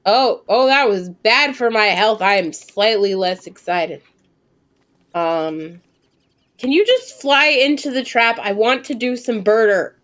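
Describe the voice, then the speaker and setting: Woman, twenties, streamer, live gameplay commentary, talks to herself, excitable squeals, casual swearing, somewhat high pitch. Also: slow pace. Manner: chatty, thinks aloud, bursts into excited squeals and swears.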